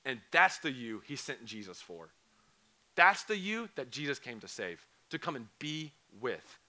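A young man with a hoarse, fading voice preaching an earnest youth camp sermon, repeating phrases and asking students questions. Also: mid-range voice, very animated, a little slow, bright, forceful tone. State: hoarse, voice going. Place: church or camp hall.

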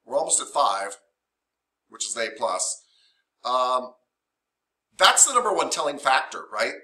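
A man teaching a massage therapy class, chatty and emotional, acting out what clients say. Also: unhurried. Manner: animated, emotional, chatty with many fillers; acts out quoted clients in higher voices. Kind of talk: classroom lecture.

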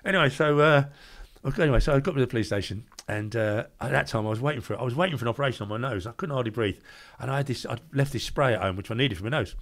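An older man with a London accent telling lively stories as an interview guest, acting out the voices of people he quotes and laughing at his own tales. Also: mid-range voice, racing, few pauses. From England. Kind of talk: anecdotal storytelling.

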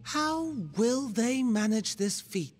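A man's voice: very high-pitched, animated, takes it slowly, soft background music, exaggerated voice. An actor voicing a scheming male villain in a video game, musing slyly and sometimes dropping to a whisper.

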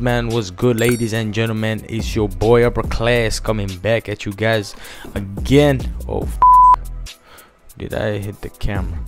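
Young male reaction vlogger, lowish voice, energetic and repetitive, soft music underneath. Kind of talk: casual hyped-up vlog chat. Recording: faint music behind.

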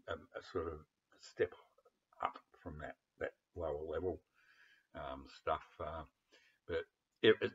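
Australian bloke mumbling on about records, deep raspy voice, swears a lot, muffled lo-fi audio. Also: male voice. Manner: rambling, blunt, sweary, trailing off into mutters. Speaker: vlogger. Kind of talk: casual chat about records.

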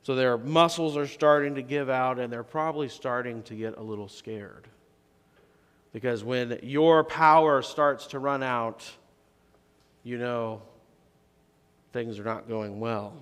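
A male pastor preaching a sermon in a conversational way, rising to emphatic questions and dropping to soft, low phrases. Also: a little slow, long pauses, clear, resonant tone. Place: church sanctuary. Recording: long reverb of a church sanctuary.

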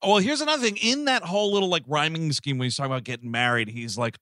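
A man co-hosting a comedy movie podcast, sarcastic and animated. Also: fairly high pitch, quick pace, dry recording, clean studio sound. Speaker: podcast co-host.

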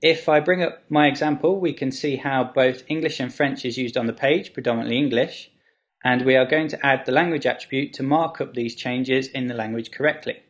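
A man who works as a web developer, explaining a how-to topic in a clear, steady tutorial style. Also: mid-range voice, a little fast.

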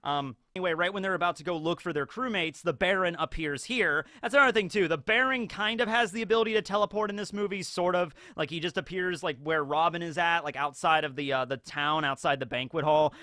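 Bright-voiced man recapping a movie. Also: fairly high pitch, fast, hardly any pauses, no echo. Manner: rambling, lots of fillers like "like". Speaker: video host.

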